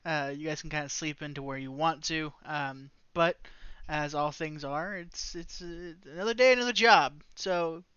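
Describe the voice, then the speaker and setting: A game master narrating a tabletop role-playing session in a hesitant way, full of ums and restarted phrases. The voice is smooth and resonant, but the recording is dull and lo-fi with a dry, close sound. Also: mid-range voice, fairly bright tone, no room sound. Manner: halting, many fillers and restarts.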